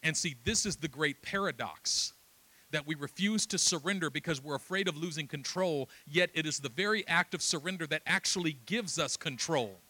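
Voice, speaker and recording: A man's voice: fairly high pitch, moderate pace, pushed and bright. A middle-aged man preaching a sermon with passion, telling stories and acting out dialogue. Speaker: pastor.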